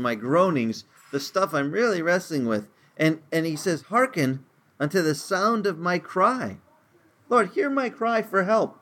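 A man preaching a sermon as a pastor, conversational and earnest, with frequent repeated words and his voice climbing higher as he gets stirred up. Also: a bit bright.

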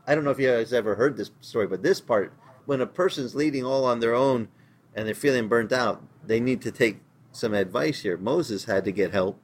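A male pastor preaches a casual, conversational sermon in plain, slangy words, acting out the voices of those he quotes as he tells the story. He speaks at medium pitch and a moderate pace, with a little hiss or hum in the audio.

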